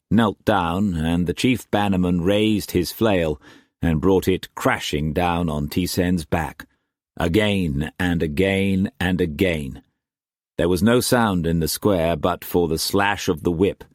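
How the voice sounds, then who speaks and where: A man reading a historical novel aloud as narrator, measured and dramatic. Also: sits low, no room sound, studio quality. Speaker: audiobook narrator.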